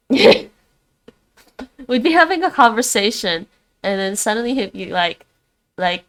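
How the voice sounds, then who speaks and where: Unhurried chatty woman streamer. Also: mid-range voice, big pitch swings. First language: Dutch. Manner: chatty, talks to her chat by name, reads aloud. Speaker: streamer learning languages. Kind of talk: casual livestream chat.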